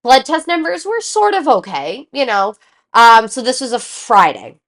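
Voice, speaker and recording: A woman in her thirties with a fairly high voice that leaps up and down. She tells a personal story in casual chat and acts out everyone's lines as she goes. She swears freely. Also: big pitch swings, normal speed, fairly bright tone. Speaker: podcast co-host.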